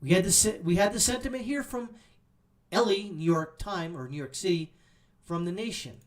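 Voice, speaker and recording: A man's voice: high voice, moderate pace, recorded from a distance. A man hosting political commentary, ranting in a sarcastic, angry, mocking way as he reacts to posts.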